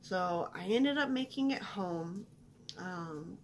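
A woman's voice: lowish voice, lively intonation, slow pace, slight background noise. A young woman vlogger telling a personal story in casual chat, chatty and self-deprecating with lots of fillers.

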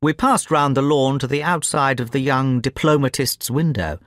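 A man's voice: mid-range voice, moderate pace, no room sound, studio quality. Man reading a story for learners. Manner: clear, steady reading for learners. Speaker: audiobook narrator. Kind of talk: scripted story narration.

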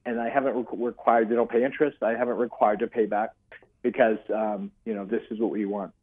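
Husky older man over a phone line. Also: lowish voice, flat delivery, a little fast. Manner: earnest, rambling storytelling with many restarts. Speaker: author and guest. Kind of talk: casual interview chat.

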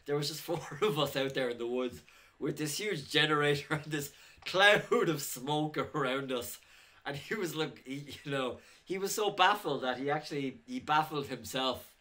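A man with a bright, forward voice chats casually on his filmmaking vlog. He wanders through rambling anecdotes, chuckling often and leaning on plenty of "uh"s and restarts. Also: on the high side, normal speed. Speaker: indie filmmaker.

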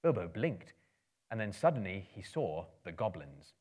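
Man, dramatic live storybook reading, low voice, very animated, theatrical. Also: normal speed, breathy edge. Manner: theatrical, swelling and hushing for suspense. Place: live performance venue.

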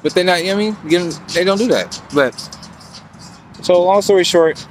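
A man with a somewhat high-set voice rambles through a casual monologue, slangy and full of swearing. He keeps checking in with the listener, and faint street and car noise hums behind him. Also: fairly quick. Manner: profane, slangy, keeps asking "you feel me". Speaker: vlogger giving financial advice.

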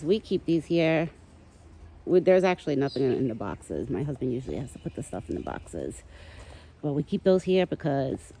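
A woman's voice: low-pitched, warm tone. A woman casually chatting while filming her pet deer in the backyard, affectionate and full of "like"s. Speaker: vlogger caring for a pet deer. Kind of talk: casual outdoor vlog chat. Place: outdoors in a backyard.

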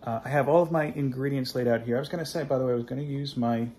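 A man's voice: medium pitch, fairly even intonation, very fast, dark tone, a little hiss or hum. A man hosting a casual home cooking vlog from his kitchen, filming by hand and joking at his own expense as he goes. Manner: jokey, self-deprecating, chatty with asides. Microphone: handheld phone camera.

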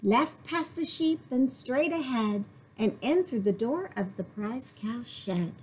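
A woman voicing a small, brave female ladybug who warns the farm animals in a hushed, careful, step-by-step way. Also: fairly high pitch, lively intonation, slow, a little hiss or hum. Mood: urgent.

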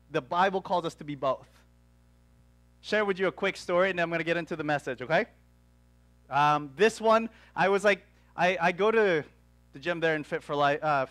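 Young male pastor, high voice, lively storyteller, dry close sound. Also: no echo. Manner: animated storytelling with quick asides. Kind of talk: sermon. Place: church.

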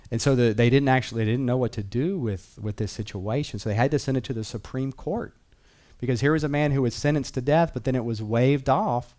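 A man's voice: mid-range voice, brisk, a little mellow. A man teaching a Bible class in an earnest, conversational way, repeating key phrases and reading verses aloud.

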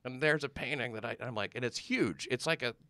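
A man's voice: medium pitch, fairly quick, pushed and bright. A man in casual conversation, rambling through stories with lots of fillers and restarts. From United States. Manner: rambling storyteller, trails off with fillers. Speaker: comedian guest. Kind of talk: casual chat.

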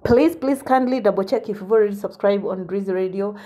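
A woman's voice: medium pitch, brisk, mellow. A woman hosting a celebrity gossip vlog, sassy and teasing, often saying honey.

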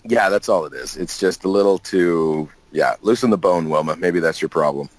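A man with a very low voice chatting as a guest in an interview. He tells loose, joking anecdotes and keeps laughing. The sound is dry and close, with no room echo. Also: moderate pace. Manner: jokey, laughing, many restarts. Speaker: guest actor. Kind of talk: casual interview storytelling.

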